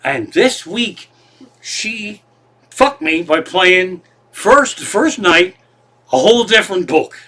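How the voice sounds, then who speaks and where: A man's voice: sits high, sing-song, takes it slowly, bright, forceful tone. A man doing a comedic monologue from his living room, with a meandering, profane, self-deprecating manner. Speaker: comedian host.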